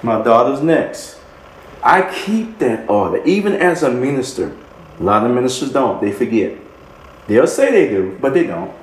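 A man's voice: mid-range voice, very animated, moderate pace. A man minister preaching a sermon with emphasis, repeating key phrases and chuckling between points. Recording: echoey room.

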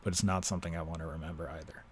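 A young man from Ohio hosting a podcast, telling a personal story in a casual, halting way and swearing freely. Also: low-pitched, fairly even intonation, a little hiss or hum. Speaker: podcast host.

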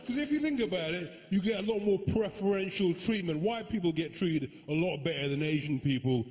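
A man's voice: sits high, expressive, fairly quick. A man doing live stand-up, brash and teasing the crowd, with plenty of swearing. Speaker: stand-up comedian. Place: large comedy venue. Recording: echoey hall, audience noise.

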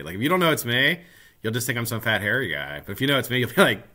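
Animated, swearing male vape streamer. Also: fairly low pitch, fast talker. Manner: animated, swears freely, greets viewers by name. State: tired. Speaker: live stream host. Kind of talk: casual live stream chat.

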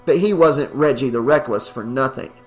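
A man giving a steady audiobook narration of a horror story. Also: medium pitch, normal speed, faint music behind.

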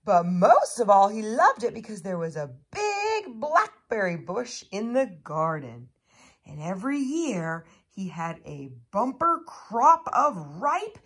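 A woman narrating a children's picture book aloud in an unhurried, gentle storytelling manner. Her voice swoops expressively through each sentence, and it carries a soft, slightly breathy quality. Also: mid-range voice.

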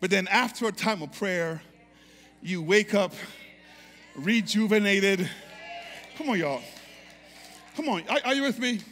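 High, bright-voiced man preaching fervently. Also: a little slow, pauses often, big-room sound. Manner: fervent call-and-response preaching, repeats phrases. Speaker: pastor. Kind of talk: sermon.

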